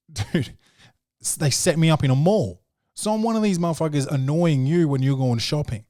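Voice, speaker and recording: Hosting a podcast, a man with an Australian accent tells a loose, wandering story full of fillers and cursing in a casual monologue. His voice is a little high and dark-toned, and he talks at normal speed. The sound is clean studio quality with no echo.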